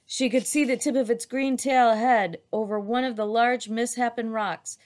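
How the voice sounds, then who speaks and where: A woman's voice: on the high side, fairly even intonation, moderate pace, darkish tone. A woman reading a children's adventure chapter aloud as narrator, with an occasional restart.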